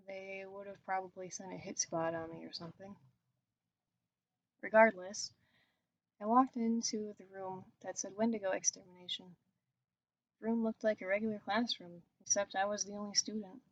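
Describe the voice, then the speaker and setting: A woman narrating a horror story in a steady, even reading voice. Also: medium pitch, muffled recording. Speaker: story reader.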